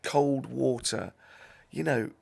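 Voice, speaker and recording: A man's voice: medium pitch, slow, vocal fry, a little mellow. A middle-aged man, chatting casually as a podcast guest, rambling and self-deprecating. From South East London. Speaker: podcast guest, comedic actor. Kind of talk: casual chat.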